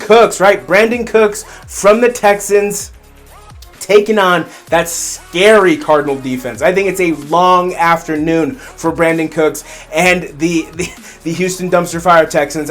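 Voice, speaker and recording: A man hosting a solo fantasy football show, rambling through his picks, repeating phrases and getting fired up into rants. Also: a little high. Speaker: fantasy football podcast host.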